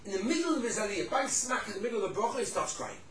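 A man giving a Torah class to a room of listeners, telling stories with lively swings between loud emphasis and hushed tones. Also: sits high, rapid-fire, roomy sound, far from the mic, slight background noise, poor audio. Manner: animated storyteller, drops to hushed tones for the sad parts.

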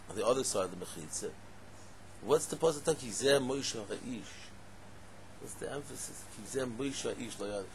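A man giving a lively Torah class, asking rhetorical questions and breaking into loud exclamations. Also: on the low side, slight background noise. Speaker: Torah teacher.

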